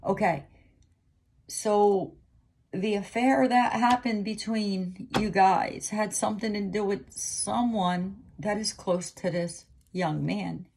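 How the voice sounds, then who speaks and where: Husky gravelly middle-aged woman psychic. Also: mid-range voice, slow pace, a little mellow. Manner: emotional, pleading, repeats phrases. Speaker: psychic reader. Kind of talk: intuitive reading to camera.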